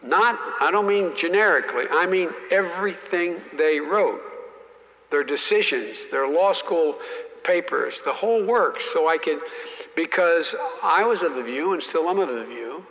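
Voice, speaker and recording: A man's voice: on the high side, expressive, a bit bright. Older man telling stories in a hall. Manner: halting, many restarts, emphatic. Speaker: storyteller, former senator. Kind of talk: anecdotal talk.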